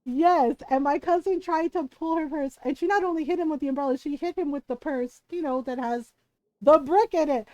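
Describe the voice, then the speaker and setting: A woman streamer telling a funny family story in casual chat, animated and laughing often. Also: sits high, fairly quick, no echo, dull audio. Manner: animated, laughing often, tags lines with "right?".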